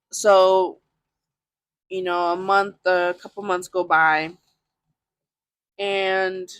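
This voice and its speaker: A woman hosting a podcast, telling her own story frankly and casually, with plenty of filler words and some swearing. Her voice sits a little low. The sound is close and dry, with no room echo. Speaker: podcast host. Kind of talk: candid personal storytelling.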